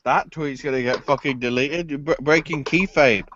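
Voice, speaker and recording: A man hosting a casual wrestling podcast, swearing freely and bursting into loud mock cries. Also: mid-range voice, normal speed, noisy background. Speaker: podcast host. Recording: dull dry lo-fi sound.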